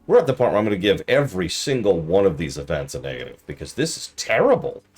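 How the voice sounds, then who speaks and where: A man's voice: sits low, big pitch swings, quick pace, a little mellow, breathy edge. A man streaming a game review in casual commentary, easily exasperated and ranting at the game while chatting with viewers.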